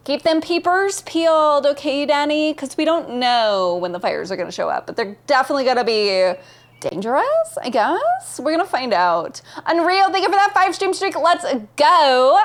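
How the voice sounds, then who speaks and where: Upbeat female streamer with a bright high register and sing-song delivery, chatting with her live audience. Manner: bubbly, greets chatters by name, laughs often. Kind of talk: casual live-stream chat with viewers.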